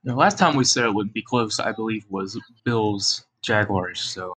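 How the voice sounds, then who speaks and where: Teasing, lower-voiced male co-host. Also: moderate pace, a bit bright, husky, low-quality recording. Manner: teasing, mock-boastful. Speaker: podcast co-host. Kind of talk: casual chat.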